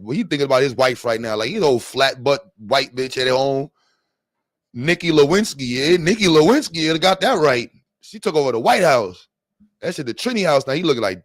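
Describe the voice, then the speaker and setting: A man hosting reaction commentary, animated and laughing, full of crude slang. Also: medium pitch, brisk, dry recording, studio quality. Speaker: commentary host.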